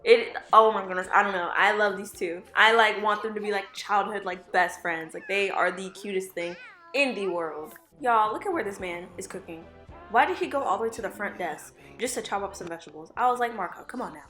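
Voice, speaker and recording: A woman's voice: mid-range voice, brisk, sharp tone, reverberant, soft background music. A young woman chatting over her game footage in a bubbly, gushing way, full of "like" and exclamations. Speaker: gaming YouTuber. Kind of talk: casual gameplay voice-over. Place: home room with dogs.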